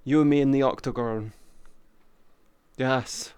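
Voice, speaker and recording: A man's voice: medium pitch, steady tone, slow, darkish tone, clear, resonant tone, dry recording. A man livestreaming in VR, chatting casually with viewers in crude, profane, joking banter. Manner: greets and thanks chat viewers.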